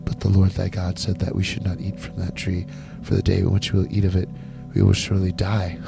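A man's voice: deep voice, monotone, fairly quick, creaky, music in the background. A man voicing an innocent, wide-eyed young woman who speaks politely and hesitantly.

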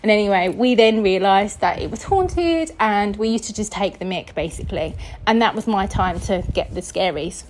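A woman's voice: mid-range voice, expressive, moderate pace, darkish tone, slight background noise, low-quality recording. A woman from England hosting a podcast, telling a personal story in a chatty, casual way, acting out the voices she quotes. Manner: chatty, acts out quoted voices, laughs often. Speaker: podcast host.

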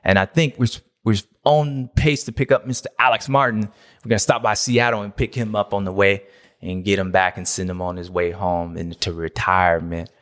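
A man's voice: deep voice, steady tone, normal speed, fairly bright tone. A man hosting a motocross recap show, ranting in a playful, self-mocking, grumpy way. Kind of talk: casual ranting commentary.

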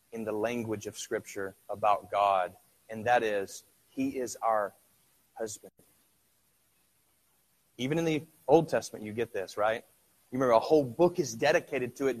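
Middle-aged guy preaching, chatty, tosses questions at the crowd, gets quiet then loud. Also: mid-range voice. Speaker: pastor. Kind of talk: sermon.

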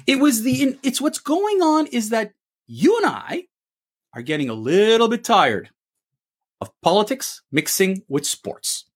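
A man's voice: high-pitched, sing-song, measured pace, slightly rough. A man co-hosting a sports opinion show, giving an emphatic rant full of rhetorical questions. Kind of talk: ranting opinion commentary.

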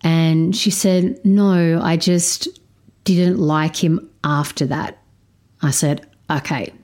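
A woman's voice: fairly even intonation, slow, darkish tone. Candid, swearing woman telling a story. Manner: candid, swears freely, repeats phrases for emphasis; acts out dialogue, voicing a girl higher. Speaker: storyteller sharing a parenting story. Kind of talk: casual spoken storytelling.

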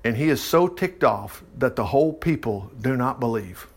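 Animated folksy preacher man. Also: medium pitch, normal speed, breathy edge. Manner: folksy, animated, exclaims asides. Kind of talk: informal Bible teaching and prayer.

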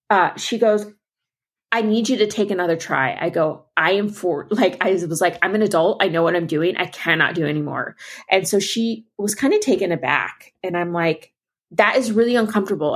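A young woman co-hosting a podcast, telling a story in casual chat and acting out both sides of the conversation. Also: on the low side. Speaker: podcast co-host.

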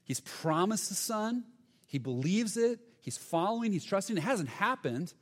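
A man's voice: sits high, very animated, moderate pace. A man preaching a sermon as pastor, earnest and emphatic, sometimes stumbling over his words. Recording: long hall reverb.

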